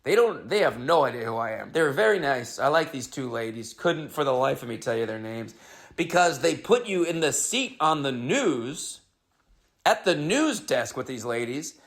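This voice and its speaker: A man's voice: mid-range voice, big pitch swings, normal speed. A man hosting his own podcast, telling a comedic story in a rambling, wry, self-interrupting way.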